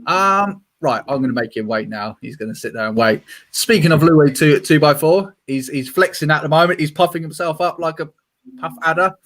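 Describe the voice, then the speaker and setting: A man's voice: on the high side, a little fast, a bit bright. Chatty British man hosting a stream. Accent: British English. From Britain. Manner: chatty, self-mocking, laughs often. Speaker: stream host. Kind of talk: casual group livestream chat.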